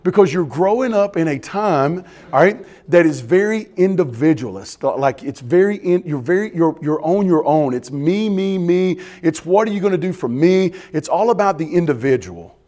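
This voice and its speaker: A man's voice: on the high side, a little mellow. A man pastor preaching a sermon, emphatic and repetitive, often asking the congregation questions.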